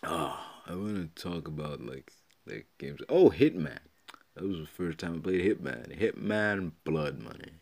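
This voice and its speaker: A man hosting a solo podcast, rambling and swearing as he excitedly retells old video game memories. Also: low-pitched, measured pace. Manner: rambling, profane, excited storytelling. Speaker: podcast host. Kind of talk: casual solo podcast talk.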